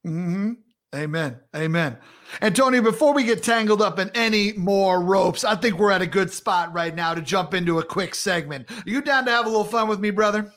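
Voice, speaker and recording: High-voiced upbeat male podcast host. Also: normal speed, a bit bright. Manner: upbeat, chatty, laughs often. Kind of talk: casual chat.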